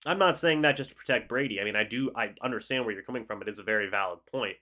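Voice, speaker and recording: This time his pitch sits fairly low, and he talks rapid-fire with a sharp tone. A young man congested from flu, he hosts a sports stream in a relaxed, talkative way, reading chat messages aloud and reacting.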